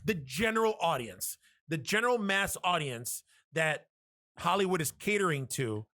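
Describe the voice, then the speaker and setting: A man co-hosting a podcast, chatting casually and profanely, animated as he retells scenes and throws in quick impressions. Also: a little high, no room sound, clean studio sound. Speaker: podcast co-host.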